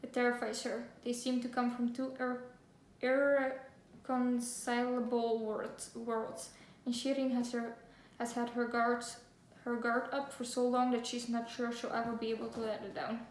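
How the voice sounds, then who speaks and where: A woman's voice: fairly high pitch, flat delivery, unhurried, few pauses. A young woman vlogging a book haul, gushing and giggly with lots of fillers, and reading back-cover blurbs aloud. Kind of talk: casual book haul chat with read-aloud synopses. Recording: echoey room, faint ambience.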